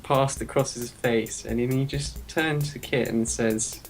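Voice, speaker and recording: A man's voice: mid-range voice, fairly even intonation, measured pace, soft background music. A young man telling a story in a casual podcast chat, acting out the quotes. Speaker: podcast co-host.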